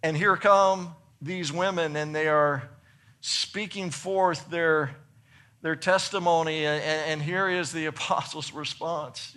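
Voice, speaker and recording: A man preaching a sermon, reading scripture and explaining it earnestly, building to excited emphasis and then dropping soft for points. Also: on the high side, slow, clear, resonant tone. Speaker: pastor.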